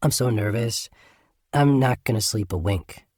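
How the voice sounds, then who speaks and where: A man's voice: lowish voice, a little slow, darkish tone, husky, no echo, studio quality. A man voicing a nervous young woman artist who frets anxiously. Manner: anxious, fretful.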